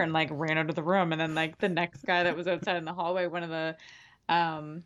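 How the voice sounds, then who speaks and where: A woman's voice: sits low, flat delivery, fairly quick, muffled recording. A woman chatting casually in an interview, laughing and acting out what she thought in the moment. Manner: chatty, laughing, acts out her own thoughts. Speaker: podcast co-host and TV show cast member.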